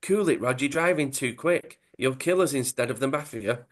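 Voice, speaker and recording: A man's voice: medium pitch, moderate pace, close to an everyday voice. A man voicing a cool, blunt footballer in a comic retelling, speaking dryly. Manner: blunt, dry.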